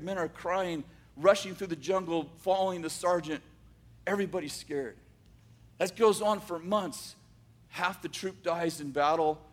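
A man telling a dramatic story, swinging from loud bursts to hushed asides. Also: fairly high pitch.

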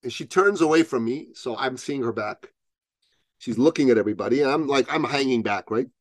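As a podcast guest being interviewed, a man tells a story with lots of animation, taking on the voices of the people in it. He speaks briskly in a middle-pitched voice, and the sound is dry and close with no room or echo.

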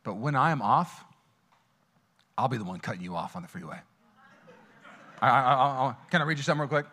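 Animated man preaching a sermon. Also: brisk. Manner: animated, swings from loud and high to quiet and intimate; casual, storytelling, many fillers and restarts. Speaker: pastor. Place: church auditorium.

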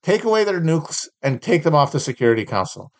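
A man's voice: on the high side, sing-song, brisk. Sardonic, profane man riffing solo. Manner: sardonic, profane, rambling asides. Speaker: podcast host. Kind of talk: solo live commentary, reading and mocking trading cards.

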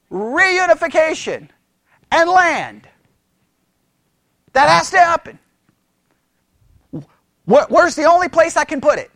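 A Bible teacher giving a conversational sermon, animated and exasperated, who mocks his opponents in raised voices. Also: high-pitched, no echo, clean studio sound.

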